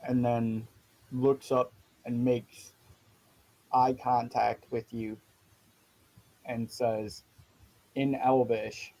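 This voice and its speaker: A man narrating as dungeon master of a tabletop game, in a slow, even way. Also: medium pitch, poor audio.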